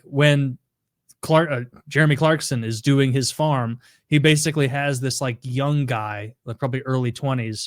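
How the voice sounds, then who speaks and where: A man's voice: mid-range voice, no room sound, clean studio sound. A man hosting a podcast in casual chat, rambling and saying "like" a lot. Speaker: podcast host.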